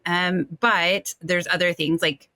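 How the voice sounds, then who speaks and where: Bright-voiced podcast host, dry recording. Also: medium pitch, fairly even intonation, takes it slowly, dry recording. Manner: conversational, frequent "right?" tags. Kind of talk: casual interview talk.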